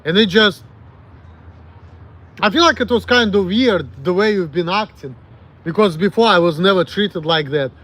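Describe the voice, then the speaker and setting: High-voiced Russian-accented man, rambling frankly. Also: a bit bright. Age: late 30s. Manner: rambling, frank, profane, halting self-corrections. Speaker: streamer. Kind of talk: candid livestream chat answering viewers.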